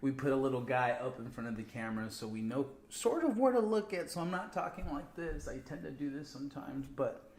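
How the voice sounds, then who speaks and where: A man co-hosts a spiritual livestream, relaxed but preachy, with casual slang. He speaks at a middle pitch in an echoey room. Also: brisk.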